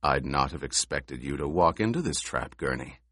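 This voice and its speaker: Resolute young duke, measured and commanding, low deep voice, unhurried, read by a male narrator. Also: animated, fairly bright tone, husky, no room sound, studio quality, heavily acted. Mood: calm.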